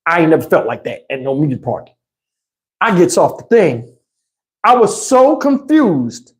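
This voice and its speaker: Animated texas guy telling a story, cussing and laughing, doing voices of his people. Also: fairly high pitch. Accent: Southern US, Texas. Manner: animated, swearing, laughs often, acts out the other people in the story. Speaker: vlogger. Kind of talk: casual storytelling.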